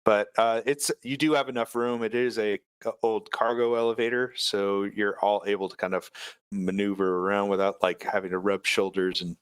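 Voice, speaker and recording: Smooth low-voiced male game master. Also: fairly even intonation, moderate pace, dry recording. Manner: hesitant, many filler sounds. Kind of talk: narrating a tabletop game.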